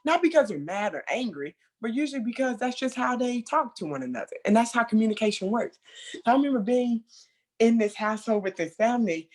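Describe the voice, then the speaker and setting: A mentor trainer talks through a training session in a loose, conversational way. The delivery is animated, with remembered quotes acted out loudly and laughter between points. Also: mid-range voice, a little fast.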